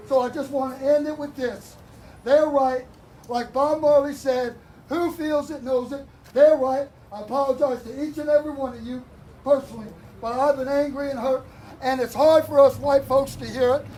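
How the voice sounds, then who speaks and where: A man, speaking heartfelt and apologetic words at an outdoor community forum. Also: very high voice. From Georgia, US. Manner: heartfelt, apologetic, grows forceful. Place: outdoors at a street gathering. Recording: distant voice with faint outdoor noise.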